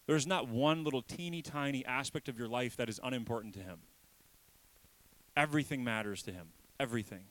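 A man preaching a sermon as a pastor, emphatic and repetitive, swinging between raised passages and hushed ones. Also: mid-range voice, brisk, low-quality recording.

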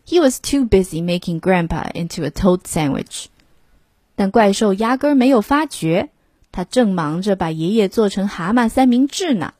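A woman narrating a bilingual children's storybook with a breathy voice and an expressive, slow reading. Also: mid-range voice, no echo.

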